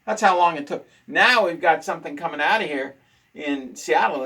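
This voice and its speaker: A man's voice: on the high side, moderate pace, sharp tone, rough recording. A man hosting a casual talk show, ranting indignantly and repeating his points for emphasis. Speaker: host.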